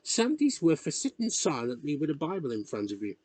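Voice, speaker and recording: A man reading a novel chapter aloud in measured, expressive narration. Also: fairly high pitch, breathy edge, no echo. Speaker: reader. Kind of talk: audiobook narration.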